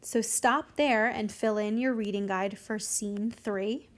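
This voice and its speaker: A woman's voice: mid-range voice, steady tone, slow pace. A woman teacher who reads a play aloud to her class and explains it in plain, casual terms.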